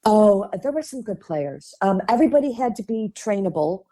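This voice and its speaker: A woman from Chicago with a Midwestern accent, a guest on a podcast, telling chatty and animated stories, laughing often and acting out the voices of people she quotes. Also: mid-range voice, normal speed. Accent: Midwestern American. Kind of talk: casual interview storytelling.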